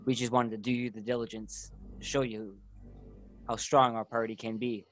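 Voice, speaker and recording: A man's voice: medium pitch, flat delivery, moderate pace, a little hiss or hum. A man playing his character in a tabletop game, casual and often laughing. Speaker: player.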